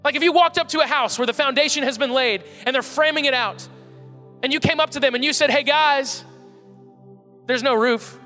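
A man's voice: very high-pitched, quick pace, pushed and bright, soft background music. A man preaching a sermon to his congregation as pastor, earnest and building emphasis through repeated phrases. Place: church sanctuary. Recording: long hall reverb.

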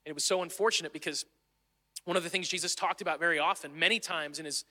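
A man's voice: a little high, fairly even intonation, quick pace, pushed and bright. A man preaching a sermon in an earnest, conversational way, sometimes restarting his phrases. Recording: long hall reverb.

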